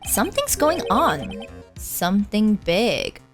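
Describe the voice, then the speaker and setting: A woman's voice: medium pitch, big pitch swings, takes it slowly, over music. A woman streamer giving playful gaming commentary, laughing often as she reads the game aloud.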